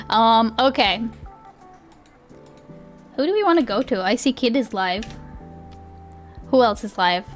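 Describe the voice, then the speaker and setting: A young woman streamer chatting casually with her viewers. She rambles, laughs often and swears easily. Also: medium pitch. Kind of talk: casual live-stream chat.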